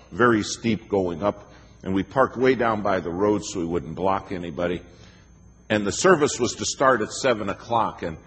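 A man's voice: deep voice, fairly bright tone. A middle-aged man preaching a sermon, emphatic and storytelling. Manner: emphatic, storytelling with acted quotes. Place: church sanctuary. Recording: reverberant hall with faint noise.

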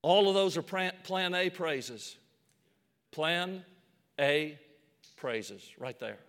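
Male preacher, high bright voice, repeats himself for emphasis, echoing church hall. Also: slow. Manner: acts out scripture scenes with quoted voices; repeats words as he builds emphasis. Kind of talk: sermon. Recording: long hall reverb.

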